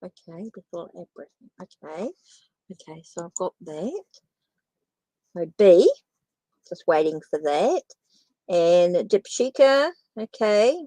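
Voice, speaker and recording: A woman's voice: fairly low pitch, big pitch swings, slow pace, pauses often, dark tone, dry recording, rough recording. A woman from New Zealand with a Kiwi accent, giving tarot readings on a live stream in a chatty way that repeats itself and answers viewers. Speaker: tarot reader.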